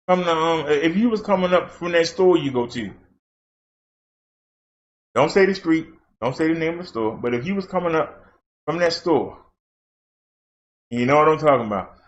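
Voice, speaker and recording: A man's voice: on the high side, lively intonation, normal speed, pauses often. A man, hosting his channel and telling a rambling, folksy story in casual chat, full of fillers. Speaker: channel host. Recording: dull lo-fi sound.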